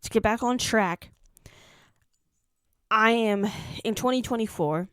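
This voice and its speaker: A woman's voice: on the high side, takes it slowly, fairly bright tone, smooth, no echo, clean studio sound. A young woman vlogger telling a personal story in casual chat, rambling, repeating words and restarting her sentences, into a desk mic. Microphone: desk microphone.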